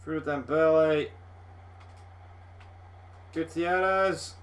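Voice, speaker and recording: A young Scottish man giving live, sweary gameplay commentary as a gaming video host, rowdy and excitable like a football fan. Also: fairly high pitch, drawn-out words.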